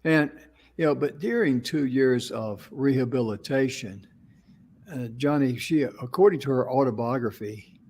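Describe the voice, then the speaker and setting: Co-hosting a talk show, a man relates an inspirational story folksily and conversationally, often affirming with mm-hmms. He talks a little slowly in a mid-range, darkish-toned voice.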